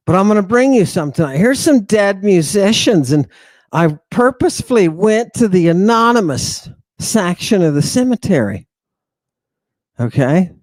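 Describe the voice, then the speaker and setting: Slow, theatrical, quizzing male lecturer. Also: high voice, darkish tone, no room sound. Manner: exclamatory and mocking, with sudden outbursts and asides; keeps quizzing the audience.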